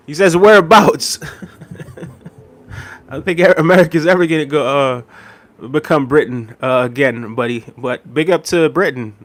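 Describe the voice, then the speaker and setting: A man hosting a casual livestream, reading viewer comments aloud and chuckling often as he answers them. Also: fairly high pitch. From United States. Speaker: livestream host.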